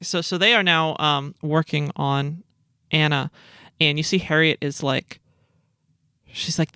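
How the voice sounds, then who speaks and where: Halting, slightly high-voiced male game master. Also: fairly even intonation, pushed and bright, smooth, no echo. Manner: halting, full of "like" fillers and restarts. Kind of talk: narrating a tabletop game.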